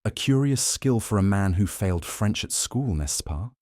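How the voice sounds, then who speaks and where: Casual: guy doing a shrewd fussy belgian detective, polite and probing, tosses in french bits, low voice, dry close sound. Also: animated, moderate pace, darkish tone, dry recording, close to an everyday voice. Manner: courteous, probing, drops French phrases.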